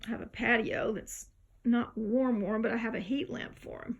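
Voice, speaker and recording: Gravelly-voiced tired woman rambling. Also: a little high, steady tone, normal speed, muffled recording. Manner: rambling, chatty, drifts between topics. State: tired, just woke up. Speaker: vlogger. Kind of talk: casual home vlog. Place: home, indoors.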